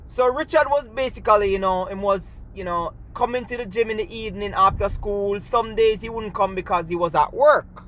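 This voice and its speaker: A man's voice: sits high, moderate pace, hardly any pauses, a bit bright. A man with a Jamaican accent telling a personal story in a chatty way, mixing in patois and often asking "you see me?". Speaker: storyteller, gymnastics coach.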